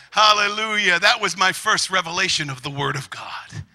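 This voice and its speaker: A middle-aged man preaching a lively testimony sermon, shouting and animated, acting out quotes as he tells the story. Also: sits high, moderate pace, gravelly, low-quality recording.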